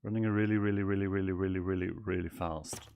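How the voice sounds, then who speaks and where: Guy doing a flamboyant owl demon prince, kinda low voice, giggly, streaming a game. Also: big pitch swings, moderate pace, a bit bright, slight background noise. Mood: playful. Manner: theatrical, calls people darling, giggly. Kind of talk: in-character gameplay livestream.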